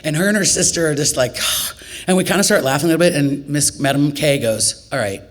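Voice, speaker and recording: Woman, from Nebraska, live stage storyteller, animated, conversational, laughs often, big pitch jumps on quotes. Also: fairly quick. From Nebraska, USA.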